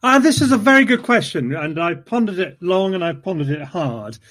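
Man, casual podcast host, rambling, self-deprecating, pitch jumping up and down. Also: lively intonation, brisk, fairly bright tone. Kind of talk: casual conversation.

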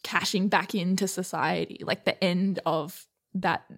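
A woman's voice: on the low side, steady tone, measured pace. A young woman co-hosting a podcast, giving dry, opinionated takes in casual chat. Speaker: podcast co-host.

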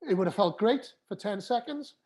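A man's voice: sits high, expressive, moderate pace, a little mellow. A man in his forties, a former rugby player and guest, telling his story frankly and with feeling, swearing and restarting often. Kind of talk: candid storytelling in a podcast chat.

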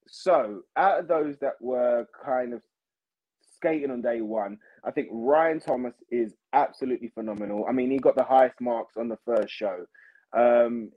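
A man chatting as a podcast guest, animated and repeating himself, calling people mate and bro. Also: medium pitch, muffled recording. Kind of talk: casual chat.

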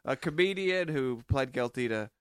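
A man co-hosting a podcast, recounting a story in a deadpan, sarcastic way. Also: mid-range voice, moderate pace, smooth. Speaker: podcast co-host. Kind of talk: casual comedic chat.

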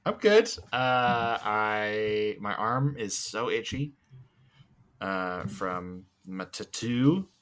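A young man co-hosts a casual podcast chat in a fairly low voice with a bright, forceful edge. He tells his stories in an animated, blunt way and swears without holding back. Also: drawn-out words. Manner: animated storytelling, blunt and profane. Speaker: podcast co-host.

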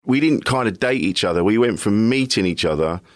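A middle-aged English comedian talking candidly as a guest, rambling and self-deprecating, often laughing. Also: male voice, on the low side, animated, a little fast, no echo, studio quality. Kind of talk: candid casual chat.

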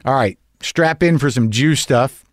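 A man's voice: mid-range voice, unhurried, no echo, studio quality. A man hosting a podcast, delivering a rambling, wry, self-deprecating comedic monologue. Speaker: podcast host.

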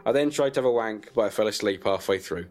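A man reading a crude comic story about himself in a deadpan way and breaking into laughs. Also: fairly low pitch, fast talker, faint music behind.

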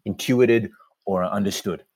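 A man's voice: fairly low pitch, measured pace, darkish tone, husky, no echo. A man hosting a chat, teasing the others dryly and narrating scene directions. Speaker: host and narrator.

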